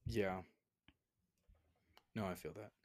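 A man's voice: low voice, slow pace, a little mellow. A young man co-hosting a podcast in casual chat, rambling with lots of fillers and laughs. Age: young adult. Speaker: podcast co-host.

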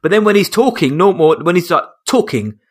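A man's voice: sits high, lively intonation, a little fast. A man co-hosting a podcast, chatting about films in a blunt, jokey way. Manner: blunt, jokey, mocking asides. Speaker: podcast co-host. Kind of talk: casual film chat.

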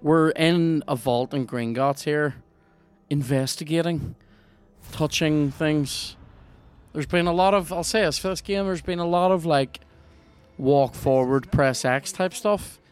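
A man with a Northern Irish accent, hosting a podcast and commenting on a video game in a sweary, excitable, jokey way. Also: fairly high pitch, unhurried, smooth, soft background music. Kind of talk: casual gameplay commentary.

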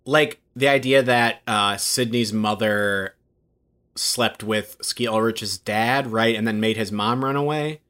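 A man's voice: on the low side, takes it slowly, fairly bright tone, clean tone. A man co-hosting a casual chat, talking eagerly and rambling with lots of filler words. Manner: enthusiastic, rambling with many "like"s. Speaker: podcast co-host.

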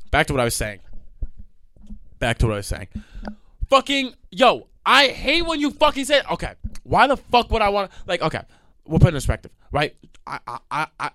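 A young man holds forth alone on his podcast, ranting with exasperated energy and frequent swearing. His voice sits a bit higher than most men's, and the recording is close and dry with no room sound. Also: no echo. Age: young adult. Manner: animated, profane, exasperated ranting. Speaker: podcast host. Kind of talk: solo podcast rant.

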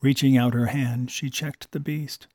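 A man reads an old-fashioned story aloud in a measured, expressive manner. His voice sits in a middle register and sounds dry and close, with no room sound. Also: medium pitch, dry recording. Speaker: narrator. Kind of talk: storybook narration.

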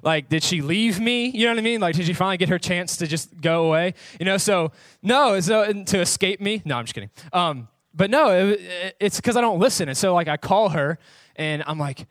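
A young man pastor with a slightly high voice delivers a relaxed sermon, joking and speaking directly to his listeners. The sound is dry and close, with almost no room around it. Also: fairly quick, no echo. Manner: casual, joking, talks to the audience. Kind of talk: sermon with personal stories.

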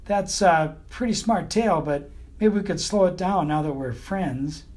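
A man's voice: sits high, unhurried, darkish tone, pitched above the performer's own voice. A man voicing a glamorous, flirtatious female beagle with a sultry, coy manner in an audiobook. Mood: cool. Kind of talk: audiobook character voice.

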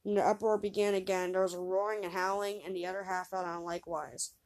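A woman reading an old fairy tale aloud, lifting her pitch and volume for the characters' lines. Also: fast talker. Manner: lively reader raising pitch and volume for quoted voices. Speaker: storyteller.

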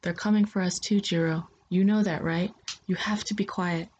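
A woman voicing a frightened young girl who urgently whispers to hush her little brother. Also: on the low side, steady tone, normal speed, lo-fi sound, a little hiss or hum, close to an everyday voice. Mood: anxious pleading. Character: frightened young girl, protective older sister.

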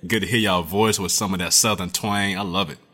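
Upbeat male podcast host, low voice. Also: fairly even intonation, a little fast, a crowd in the background. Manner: upbeat, speaks to the listeners directly. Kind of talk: casual interview chat.

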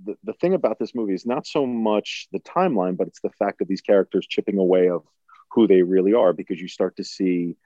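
A man's voice: sits low, brisk, warm tone, no room sound. A man in his forties on a casual film discussion podcast, building long points with restarts. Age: 40s. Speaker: podcast co-host. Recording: dull lo-fi sound.

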